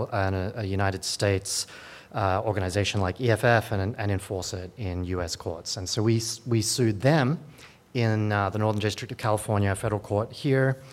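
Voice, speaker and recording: A man, a lawyer, giving a conference talk in a dry, sardonic way with many fillers and restarts. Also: fairly low pitch. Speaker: lawyer at a digital rights group.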